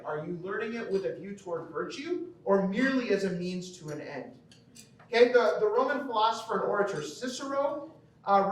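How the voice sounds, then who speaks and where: A man from the American Midwest giving a conversational lecture at a school banquet, often checking in with the audience by asking "okay?". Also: high voice. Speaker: teacher. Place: large banquet hall. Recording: echoey hall, from far off.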